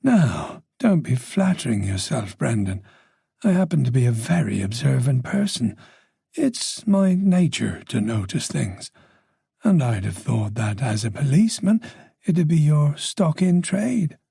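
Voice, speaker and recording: A man's voice: mid-range voice, very animated, a little slow, creaky, dark tone, breathy edge, dry recording, clean studio sound, exaggerated voice. Man voicing a gossipy Dublin-born older woman. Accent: faint Dublin Irish. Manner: gossipy, nosy, playful.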